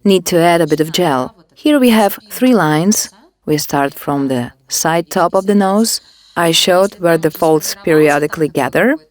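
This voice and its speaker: A woman demonstrating a facial care technique, giving calm step-by-step instructions. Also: lowish voice, unhurried. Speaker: beauty device instructor.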